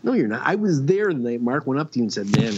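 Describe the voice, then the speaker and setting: A man's voice: mid-range voice, very animated, fast, noisy background. A man guesting on a casual radio show, telling long stories with many restarts and fillers. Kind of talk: casual radio chat, storytelling. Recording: dull lo-fi stream audio.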